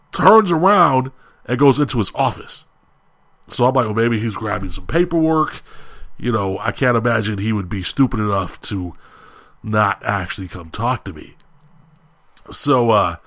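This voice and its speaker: A man co-hosting a podcast, telling a story in a casual, animated way and acting out heated exchanges. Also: mid-range voice, unhurried, no echo. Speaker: podcast co-host.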